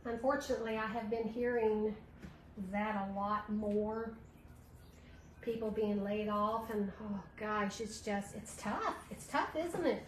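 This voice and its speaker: A woman's voice: medium pitch, unhurried. Chatty woman crafting on a livestream. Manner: chatty, reads viewer comments aloud. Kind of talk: casual livestream chat while crafting. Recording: echoey room with clear background noise.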